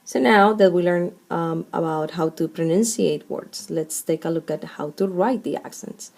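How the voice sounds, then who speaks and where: Woman teacher, lowish warm voice, unhurried, breaks words into syllables for students. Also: creaky. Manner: deliberate, spells out syllables one at a time. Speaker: Spanish teacher. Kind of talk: explaining a lesson step by step.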